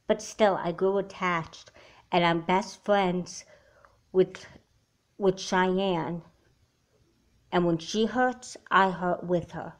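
A woman voicing a junior high girl who defends her worried friendship, in a homemade doll movie. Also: slow, long pauses. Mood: earnest. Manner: earnest, defensive.

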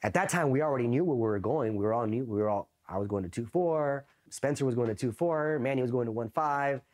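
A man from East Los Angeles, a Marine veteran, telling a profane, animated story in a casual interview and acting out the voices he quotes. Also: mid-range voice, fast.

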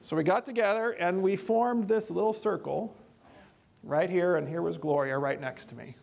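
Brief: man, high pitch, home care trainer, chatty lively storyteller on stage. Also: normal speed, creaky. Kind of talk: storytelling presentation.

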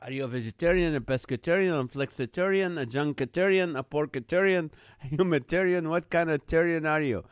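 This live comedy show host, a man with a slightly high, smooth voice, talks briskly as he casually chats and reads viewer comments, chuckling frequently at the wordplay. There's no room sound.

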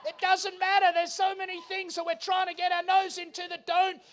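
High bright-voiced pastor preaching. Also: male voice, monotone, fairly quick, a little hiss or hum. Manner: emphatic preaching, rising to shouts. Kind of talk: sermon. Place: large church auditorium.

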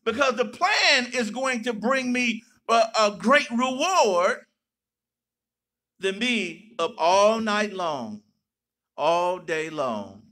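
Male pastor, very high pitch, slow measured delivery, preaching with bursts of shouting. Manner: preaching with sudden shouts and playful asides. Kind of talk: sermon.

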